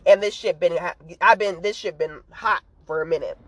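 A woman's voice: fairly low pitch, normal speed, dry recording, poor audio. Fired-up, profane woman ranting. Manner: profane, emphatic, worked up; sharp, repetitive put-downs. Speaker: vlogger. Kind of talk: casual ranting commentary.

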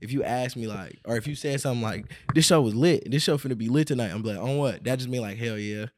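Fast-talking joking male co-host. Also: mid-range voice, darkish tone. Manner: quick, joking, heavy slang. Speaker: podcast co-host. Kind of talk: casual podcast chat.

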